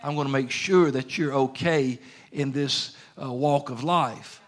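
A man's voice: mid-range voice, unhurried. Earnest preacher man. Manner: earnest, conversational preaching with colloquial grammar. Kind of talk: sermon.

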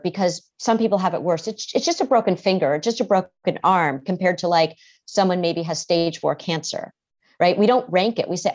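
A woman therapist explaining ideas calmly in a podcast interview, sometimes acting out what people say. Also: fairly low pitch, moderate pace, highs cut off. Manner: calm, explanatory, acts out quoted speech. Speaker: therapist, guest.

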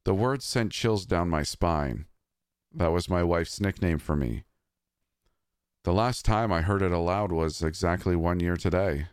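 A man reading a scripted horror story in a measured, somber way. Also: deep voice, smooth, no room sound, studio quality.

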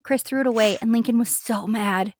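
A woman's voice: a little high, fairly quick, darkish tone, a little hiss or hum. A woman co-hosting a podcast, chatting casually and laughing often while she teases her co-host. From Colorado. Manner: laughing, teasing banter. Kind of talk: casual chat.

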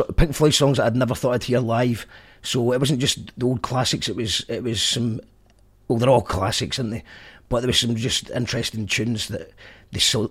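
A man's voice: mid-range voice, breathy edge. A Scottish man hosting a podcast, chatting casually in a rambling, jokey way. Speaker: podcast host. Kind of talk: casual monologue recap.

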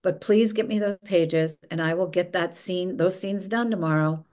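With a lowish voice at normal speed, a woman who used to be a film executive shares a story on a podcast. She's lively in this casual interview, performing the lines of dialogue she quotes.

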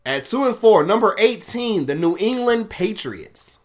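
A man hosting a casual podcast, reading a sports ranking list out loud and laughing and swearing at the results. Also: high voice, animated, a little slow. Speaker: podcast host.

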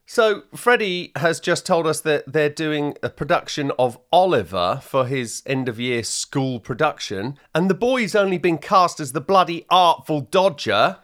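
A woman's voice: sits low, expressive, unhurried, few pauses. A woman co-hosting a podcast, chatting casually and telling long, rambling stories. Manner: long-winded, rambling storyteller. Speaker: podcast co-host. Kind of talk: casual chat.

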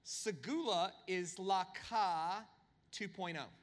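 A man preaching a sermon, telling humorous stories with animated, swinging delivery. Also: slow, big-room sound. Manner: animated, humorous storytelling with big pitch swings. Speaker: pastor.

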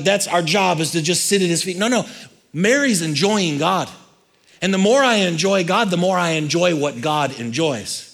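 A male pastor delivers a sermon in a lively, conversational manner. His voice sits fairly high, and he swings from loud, energetic lines to quiet ones.

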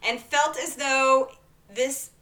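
A woman's voice: sits high, takes it slowly. A woman co-hosting a podcast in casual chat, telling a story with acted-out quotes and frequent "right?" checks. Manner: animated, acts out quotes, asks "right?" often.

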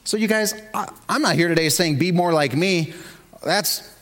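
A man's voice: sits high, moderate pace. A man preaching a sermon as pastor, telling stories with rising energy. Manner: animated storytelling, builds to shouts.

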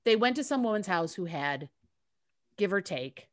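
A woman co-hosting a casual podcast chat, telling a story in a lively, swearing, joking way. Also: mid-range voice, moderate pace. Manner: lively, profane, storytelling with asides. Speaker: podcast co-host.

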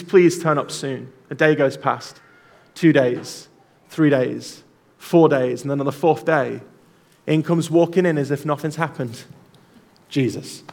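Male pastor with a high voice, animated sermon storyteller. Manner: animated storytelling, calls on the congregation.

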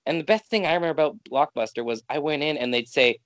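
A man's voice: fairly high pitch, very animated, racing, fairly bright tone, no echo. A man from Canada co-hosting a podcast, chatting casually and ranting with exasperation. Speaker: podcast co-host. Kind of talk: casual chat.

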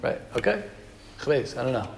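A man's voice: medium pitch, sing-song, moderate pace, slight background noise. A man giving a Torah class to young students, emphatic and repeating key phrases, mixing in Hebrew and Yiddish terms. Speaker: Torah teacher. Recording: echoey hall.

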